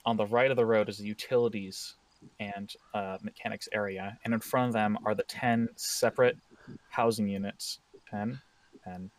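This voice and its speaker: A man's voice: lowish voice, steady tone, moderate pace, dry recording. Man game master, distant dry mic. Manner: casual, joking, corrects himself mid-sentence. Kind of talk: narrating a tabletop game.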